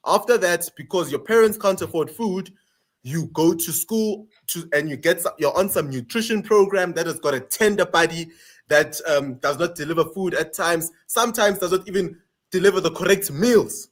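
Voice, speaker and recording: A man from South Africa holds forth on a political panel, pressing each point with emphatic repetition. His voice sits fairly high for a man, and he sounds like he is talking over a video call. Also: moderate pace, fairly bright tone. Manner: emphatic, repeats points for stress. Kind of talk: passionate political commentary.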